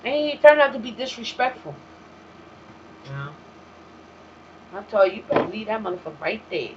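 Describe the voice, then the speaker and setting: A woman's voice: mid-range voice, sing-song, normal speed. A woman hosting a talk show, speaking in a blunt, profane, streetwise casual monologue. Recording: dull, slightly lo-fi recording with faint hiss.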